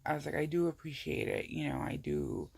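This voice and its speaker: A woman's voice: low-pitched, lively intonation, fairly quick, creaky, a little mellow, breathy edge. A woman talking in a casual personal vlog, rambling and full of "I was like" and "you know". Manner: emotional, tearful at times. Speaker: vlogger.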